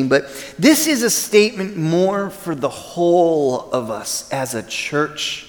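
A man's voice: on the high side, sing-song, normal speed, hardly any pauses, fairly bright tone. A man in his forties preaching a sermon, telling a personal story casually and then teaching steadily from scripture. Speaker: pastor. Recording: long reverb in a large hall.

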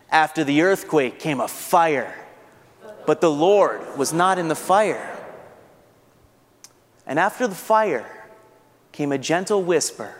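Male pastor, earnest sermon delivery, slightly high voice, long hall reverb. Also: expressive, takes it slowly, long pauses. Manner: earnest, rising to fervent rhetorical questions.

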